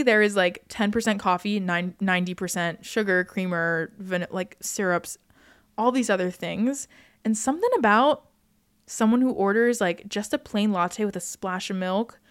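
A woman's voice: medium pitch, clean tone. A young woman content creator chatting casually, rambling with lots of "like" fillers. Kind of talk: casual chat.

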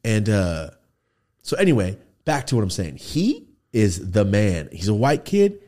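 A man hosting a studio podcast, telling animated stories and acting out the people in them. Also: lowish voice, a little slow. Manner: animated storyteller, acts out quoted people, swears freely. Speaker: podcast host. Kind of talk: casual storytelling chat.

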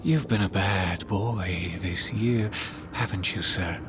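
A man's voice: deep voice, slow, noisy background. An actor playing a smug, menacing male elf flight attendant in a horror audio drama, mockingly polite and taunting.

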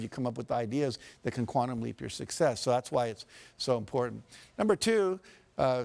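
An American man gives a motivational talk at a live seminar in a mid-range, darkish voice with vocal fry. He shares stories, performs quotations dramatically and questions the audience head-on.

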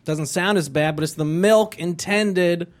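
A young man from Rhode Island, doing a stand-up comedy set with deadpan delivery. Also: a little slow. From Rhode Island, USA. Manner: deadpan delivery with sudden high-pitched character voices.

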